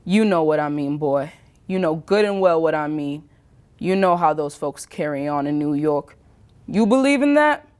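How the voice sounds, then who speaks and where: A woman voicing a loud, bullying male small-town official who barks and mocks in an interrogation. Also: fairly high pitch, animated, normal speed, smooth, close to an everyday voice. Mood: interrogating. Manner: barking, mocking interrogation.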